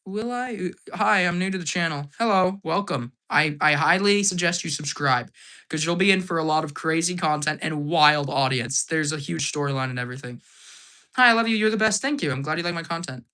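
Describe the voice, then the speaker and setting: A hyper man chatting on a casual live stream, his voice bright and slightly hoarse. He answers viewer questions quickly and laughs often. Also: fairly high pitch.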